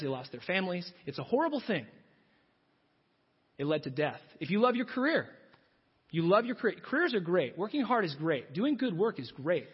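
A man's voice: fairly high pitch, slightly rough. A male pastor preaching a sermon in an emphatic, repetitive style. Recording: dull recording in a big reverberant hall.

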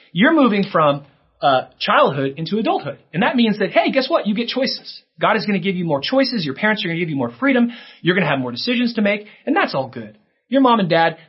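Brief: male pastor, children's sermon, lively husky delivery, somewhat high voice, dull lo-fi sound. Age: adult. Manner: animated, acts out kids' lines in a higher voice. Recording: dull lo-fi recording.

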